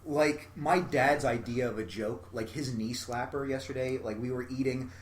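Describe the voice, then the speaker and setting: A man, a comedian guest on a podcast, telling rambling, animated stories in a casual chat, saying "like" constantly. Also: medium pitch, normal speed, background noise. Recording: echoey room.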